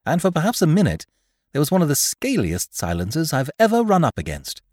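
A man reading a comic story aloud in first person, with an expressive, theatrical delivery. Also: on the high side, brisk, no echo, studio quality. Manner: lively and theatrical, bright comic timing. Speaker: audiobook reader.

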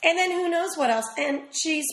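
A woman chatting casually as a guest in an interview, rambling with quick asides. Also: very high voice, fairly bright tone, reverberant, low-quality recording. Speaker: actress guest.

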